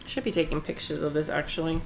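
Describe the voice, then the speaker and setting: A chatty woman streams herself sewing, talking along freely and laughing often. Her voice sits a little low for a woman. Soft music plays faintly behind her. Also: flat delivery, fast, gravelly. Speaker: live streamer. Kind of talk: casual chat while sewing on a live stream.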